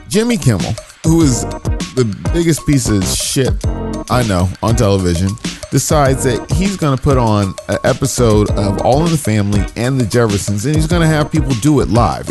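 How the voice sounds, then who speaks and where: A man's voice: mid-range voice, big pitch swings, normal speed. A man co-hosting a podcast in casual, rambling banter, swearing a lot. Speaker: podcast co-host. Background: music.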